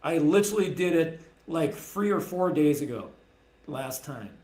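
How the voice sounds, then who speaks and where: A man's voice: fairly high pitch, animated, normal speed, dark tone. A man streaming live and ranting angrily about a court case, profane, heated and sarcastic. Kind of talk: angry livestream rant. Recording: echoey room.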